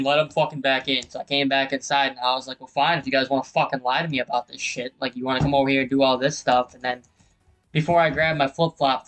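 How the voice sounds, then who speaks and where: A man's voice: mid-range voice, fairly bright tone, rough recording. A man hosting his own gaming channel, telling a heated story over gameplay, swearing often and acting out what people said.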